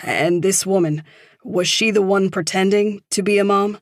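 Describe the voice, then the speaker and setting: A woman voicing a panicked man on the run in an audiobook, asking strangers for help in an urgent, rushed way. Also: medium pitch, steady tone, no echo, studio quality, voice pushed up, close to an everyday voice.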